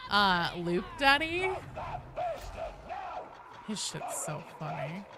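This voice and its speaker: A woman's voice: fairly low pitch, sing-song, drawn-out words. A woman streaming a game, chatting casually with her chat, joking around and cursing freely. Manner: chatty, swears freely, jokey. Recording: noisy home stream audio.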